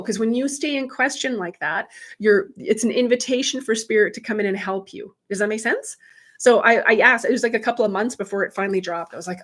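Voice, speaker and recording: A woman's voice: fairly high pitch, a little fast, a bit bright. Chatty, swearing woman livestreaming. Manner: chatty, profane, laughs often. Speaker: spiritual medium hosting a live stream. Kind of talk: casual livestream chat with viewers.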